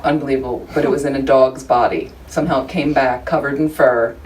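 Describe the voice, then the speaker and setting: Woman dharma teacher, low voice, informal and joking, picked up from across the room, faint hiss. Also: steady tone, fairly quick, a little mellow. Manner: chatty, humorous, conversational with frequent asides. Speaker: Buddhist study group teacher. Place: room with a small group of listeners. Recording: distant room recording, faint background noise.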